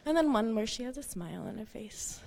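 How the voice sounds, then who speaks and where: A woman's voice: fairly high pitch, expressive, fairly quick, vocal fry. Woman telling fond stories in a eulogy. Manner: warm storytelling, acts out quotes, laughs through tears. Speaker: adopted granddaughter giving a eulogy. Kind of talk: memorial eulogy with personal stories.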